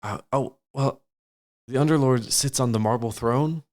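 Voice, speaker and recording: A man's voice: medium pitch, normal speed, a little mellow, natural voice. A man voicing a chatty, easygoing male goblin who rambles and hesitates in a tabletop game. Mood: rambling.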